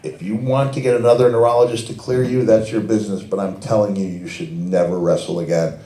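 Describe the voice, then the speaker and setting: A stern, formal male neurologist gives a firm, measured warning, as a man quotes him in his own low voice. The words carry into an echoey hall. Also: little pitch movement, warm tone, close to an everyday voice.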